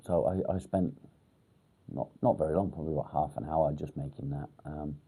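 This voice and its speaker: Man, low voice, mellow tone, halting, lots of ums, casual swearing, live chat. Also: steady tone, slightly rough. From England, near Warrington. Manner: halting, pauses to think with many ums. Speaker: livestream host.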